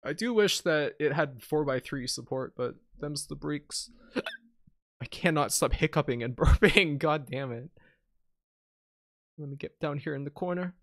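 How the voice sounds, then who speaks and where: Chatty streamer man with a fairly high voice. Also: unhurried, no room sound, clean studio sound. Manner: chatty, teasing chat, reading menus aloud. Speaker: game streamer. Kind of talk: casual live-stream commentary.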